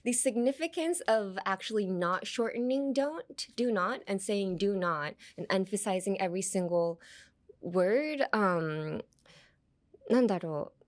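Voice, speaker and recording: Her medium-pitched voice has lively intonation and a measured pace. She is a young podcast host chatting casually about English phrases drawn from anime, switching between English and Japanese and laughing a lot.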